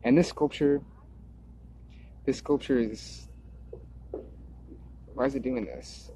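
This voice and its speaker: Taking his time, a video creator with a dark, breathy, medium-pitched voice meanders through a stream-of-consciousness monologue, echoing words and doubling back on ideas. The audio is dull and lo-fi.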